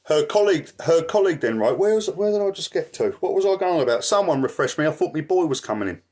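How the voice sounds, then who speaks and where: A man's voice: fairly high pitch, animated, quick pace, darkish tone. A man ranting angrily in a vlog, swearing constantly and asking "right?" as he goes. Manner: shuffles through papers, voice drifts from the mic. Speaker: activist vlogger.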